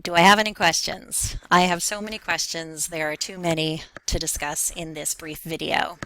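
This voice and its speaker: A woman with a somewhat low voice records a self-introduction for a graduate class. She talks hesitantly, trips over her words and fills pauses with "um.". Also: fairly even intonation, background noise. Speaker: faculty member taking a graduate class.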